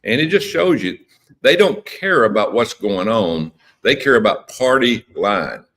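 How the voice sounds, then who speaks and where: A man's voice: on the low side, expressive, measured pace, a bit bright. A man speaking as a politician guest on a radio interview, impassioned and emphatic, often repeating words.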